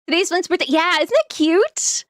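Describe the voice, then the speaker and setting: A woman's voice: very high voice, lively intonation, moderate pace, no echo, clean studio sound. A woman streamer chatting casually on a live stream, giggling often and rambling through plenty of fillers.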